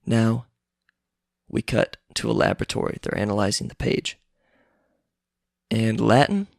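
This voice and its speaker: A man's voice: on the low side, little pitch movement, moderate pace, no room sound, studio quality. A man casually reading a screenplay aloud, narrating scene by scene with offhand asides. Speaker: reader.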